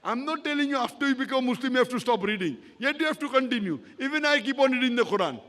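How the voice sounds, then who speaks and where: A man's voice: very high-pitched, expressive, quick pace, pushed and bright, slight background noise. A man lecturing in a public question-and-answer talk, emphatic and repetitive, often checking that he is understood. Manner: emphatic, repeats points, checks agreement with "correct?". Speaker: Islamic lecturer answering an audience member.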